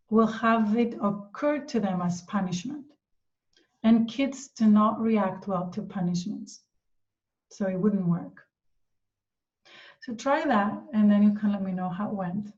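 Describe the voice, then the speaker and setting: Woman, parenting coach, calm and gentle, mellow tone, recorded a little far from the mic, dull sound. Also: medium pitch. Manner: calm and gentle, acting out parent-child dialogue. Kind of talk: answering a viewer question. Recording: dull, slightly distant sound.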